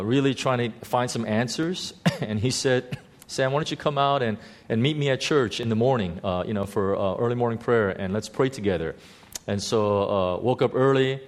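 A middle-aged male pastor preaching a sermon, halting with many fillers and dropping soft and slow at heartfelt moments. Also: fairly low pitch.

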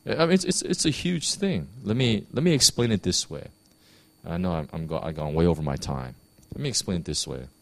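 Male pastor, low voice with wide swings, casual animated sermon, dry close sound. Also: fairly quick, creaky, no echo. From United States. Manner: conversational, animated preaching with many restarts.

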